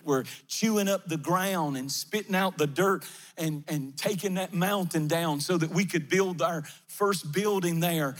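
In a large, empty sanctuary, a male pastor preaches fervently, chanting repeated refrains at a measured pace. His voice is fairly high, and the big hall adds a long reverb.

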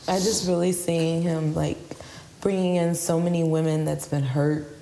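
A woman guest sharing her testimony softly and haltingly, with many fillers, through tears. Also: sits low, level tone, creaky, roomy sound, slight background noise, rough recording. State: crying. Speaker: interview guest. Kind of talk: casual testimony. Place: house.

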